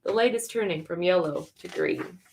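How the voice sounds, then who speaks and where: A woman's voice: lowish voice, animated, moderate pace, darkish tone. A woman reading her own story aloud at a live event, earnest and conversational, with laughing asides.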